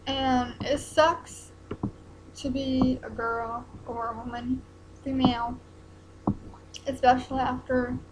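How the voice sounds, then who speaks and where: A young woman, talking haltingly in a personal vlog while close to tears. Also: high voice, background noise. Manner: hesitant, halting, many ums and restarts.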